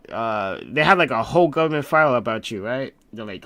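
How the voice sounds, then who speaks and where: A man on a casual podcast riffs in a goofy, joking way. His tone is bright and forceful, and the sound is dry. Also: medium pitch, expressive, quick pace, hardly any pauses, no echo. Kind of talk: casual chat.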